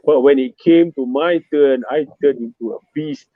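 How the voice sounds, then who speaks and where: A man with a Malaysian English accent, an emcee telling stories in a casual interview, often repeating words when he gets excited. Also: mid-range voice, moderate pace, dry recording. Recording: dry, phone-like narrow sound.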